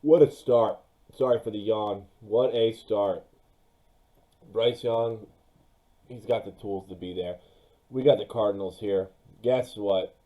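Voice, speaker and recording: A young man with a low, mellow voice talks through his football mock draft at an unhurried pace. He addresses his viewers directly and casually, and his voice jumps up when he gets excited about a pick. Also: low-quality recording. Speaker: sports YouTuber.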